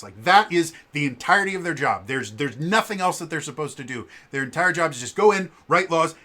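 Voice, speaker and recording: A man's voice: on the high side, pushed and bright. A man vlogging in a casual explainer style, chatty and stumbling over words with lots of restarts.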